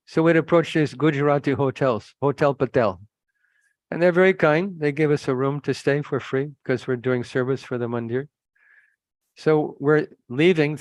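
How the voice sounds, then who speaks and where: A monk preaches a sermon, earnest and admonishing, using anecdotes to drive home his points. His voice sits on the high side, with no echo.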